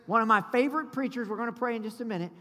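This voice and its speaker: A man preaching a sermon, fervent and leaning on call-and-response with his congregation. His voice sits high and bright, and it rings with long reverb through a large church. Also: rapid-fire. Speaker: pastor. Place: church sanctuary.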